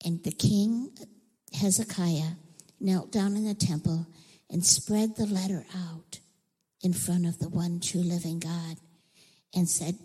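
A woman telling a Bible story to children in an animated way, acting out voices and sometimes whispering. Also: lowish voice, slow pace, husky. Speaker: children's church teacher. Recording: echoey hall.

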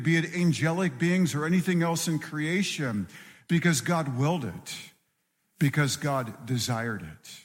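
A middle-aged man preaching a sermon, earnest and repeating phrases for emphasis. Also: mid-range voice. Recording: long hall reverb.

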